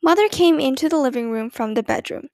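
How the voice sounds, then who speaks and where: High-voiced woman reading a storybook. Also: expressive, a little fast, darkish tone, no room sound, clean studio sound. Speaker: audiobook narrator. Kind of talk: storybook narration.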